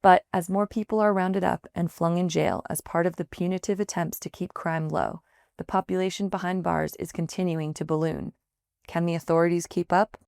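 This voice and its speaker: A woman reporter reading a written field investigation aloud in a measured, even scripted news narration. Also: on the low side, gravelly, no echo, clean studio sound.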